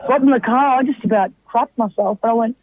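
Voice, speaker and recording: A woman comedian chatting on a radio show, telling animated anecdotes and laughing often. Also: fairly high pitch, fast talker, narrow, tinny audio. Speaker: comedian guest. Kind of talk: casual radio chat, storytelling.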